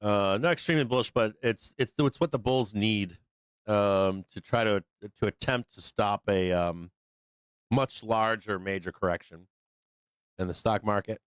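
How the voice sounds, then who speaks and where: Hoarse man doing loose market commentary. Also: fairly low pitch, a little slow, no room sound. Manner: loose, profane, rambling, filler-heavy. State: hoarse, losing his voice. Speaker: host of a live trading show. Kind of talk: casual live market commentary.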